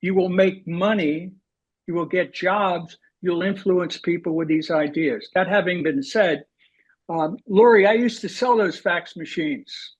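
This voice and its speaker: A man with a high voice hosts a webinar discussion, talking hesitantly with plenty of fillers. He comes through a video call. The sound is dull and lo-fi. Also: a little slow, slightly rough. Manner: hesitant, with fillers, thanking and apologizing. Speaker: webinar host.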